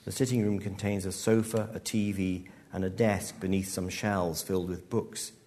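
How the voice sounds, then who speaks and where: A male author reads his own story aloud to a live audience. His voice sits low, and he tells the story in a measured, dry way. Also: level tone, warm tone, a little hiss or hum. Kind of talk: live literary reading. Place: live event hall.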